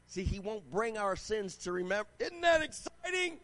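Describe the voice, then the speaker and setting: A man preaching a sermon, his voice pitched high for a man. He reads scripture aloud and exhorts the congregation with growing fervor, often asking for an "Amen.". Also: big pitch swings, moderate pace, hardly any pauses, fairly bright tone. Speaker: pastor.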